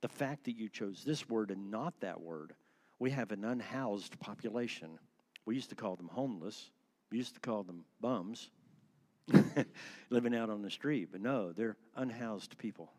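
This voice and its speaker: A man's voice: fairly low pitch, expressive, a little slow, darkish tone. A man teaching a church class, asking questions and shifting his word stress for effect. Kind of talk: interactive church class lecture.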